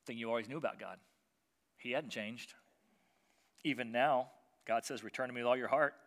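A male pastor preaching with a bright, forceful tone. He tells the story vividly and acts out the people in it. He pushes hard on key lines, then drops almost to a hush. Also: mid-range voice, normal speed. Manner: animated storytelling, acting out voices of biblical figures; swings from loud and emphatic to quiet and soft. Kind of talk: sermon.

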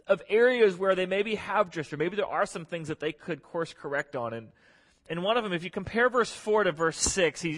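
Male pastor, slightly high voice, relaxed sermon with put-on voices, long reverb. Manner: joking, acts out voices of churchgoers. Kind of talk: casual conversational sermon.

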